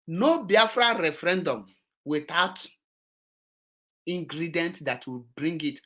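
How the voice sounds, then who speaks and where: A man with a Nigerian Igbo accent delivers a heated political monologue with a forceful, sharp tone. He scolds his audience and slides between English and Igbo mid-sentence. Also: high-pitched, sing-song, slow, pauses often. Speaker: political commentator.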